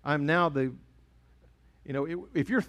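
A middle-aged pastor preaches a sermon in a chatty, storytelling way, acting out dialogue as he goes. His fairly high voice is a bit bright and a little slow.

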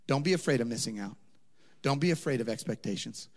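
A man's voice: mid-range voice, lively intonation, quick pace, a little mellow. A man preaching with impassioned, conversational energy, his voice leaping up at emphatic peaks. The sound carries a long hall reverb around him. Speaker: pastor. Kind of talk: sermon.

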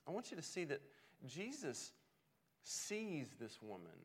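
A man's voice: a little high, huge pitch swings, a little slow, breathy edge. A man preaching a sermon in an earnest way, often repeating words as he restarts a thought. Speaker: pastor.

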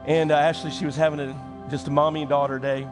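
A man's voice: fairly high pitch, level tone, fast talker. A man preaching a folksy sermon to his congregation. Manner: folksy, preacherly, with acted-out quotes and rising emphasis. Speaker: pastor. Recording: loud music behind. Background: loud music.

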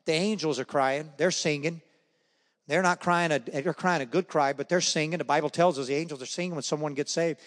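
A man's voice: on the high side, a little fast. Man telling his testimony in a reverberant hall. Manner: animated storytelling, acts out the voices in his stories. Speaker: speaker sharing his testimony. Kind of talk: spoken faith testimony. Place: church hall or meeting room.

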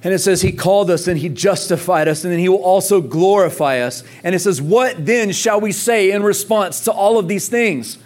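A man preaching from the pulpit in a notably high voice, full of conviction. He stacks repeated phrases for emphasis and keeps calling on the congregation to say the words with him. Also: normal speed, hardly any pauses, darkish tone. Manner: passionate, calls on the congregation to respond; emphatic repetition. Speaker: pastor. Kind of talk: sermon.

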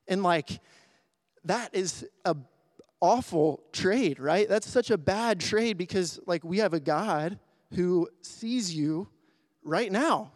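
A man's voice: high voice, slow pace, no echo. Earnest man preaching, close dry sound. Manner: earnest, conversational, with restarts and "like"; emotional. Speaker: pastor. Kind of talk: sermon.

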